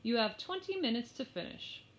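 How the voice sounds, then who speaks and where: A woman's voice: a little high, lively intonation, moderate pace, pitched above the performer's own voice, close to an everyday voice. Stern tall teacher, read by a woman. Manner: clipped, strained patience. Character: tall stern male schoolteacher, easily irritated. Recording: slightly muffled lo-fi.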